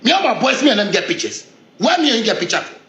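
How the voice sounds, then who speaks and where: A man speaking Ghanaian Pidgin English lets loose a confrontational rant, his voice sitting high and swinging wildly up and down. He sounds heated and defiant, circling back on the same phrases. The sound comes from an echoey room. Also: big pitch swings, rapid-fire, bright, forceful tone. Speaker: street figure in a viral video.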